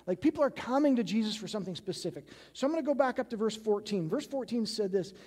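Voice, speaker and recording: High-voiced male pastor in echoing hall. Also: animated, fast, darkish tone. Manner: casual, frequently adds tag questions like "right?". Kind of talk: conversational sermon. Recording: long reverb of a large hall.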